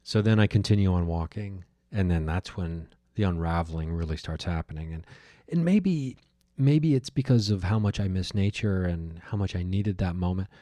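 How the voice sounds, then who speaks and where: A man's voice: low voice, moderate pace, hardly any pauses, mellow, no room sound. A man hosting his own podcast, telling a personal story in a reflective, musing way with many fillers and restarts. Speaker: podcast host. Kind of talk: reflective solo monologue.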